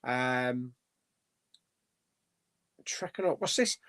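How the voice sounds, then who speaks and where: A man's voice: mid-range voice, animated, very slow, a bit bright, clear, resonant tone. A man hosting a casual live stream chat, reading out viewer comments and chatting about them.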